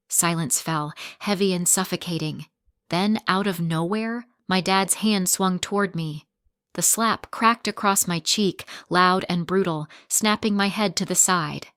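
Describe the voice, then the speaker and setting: A woman narrating a first-person family drama story in a steady, dramatic reading style. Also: lowish voice, a little slow, clean tone, dry recording, clean studio sound.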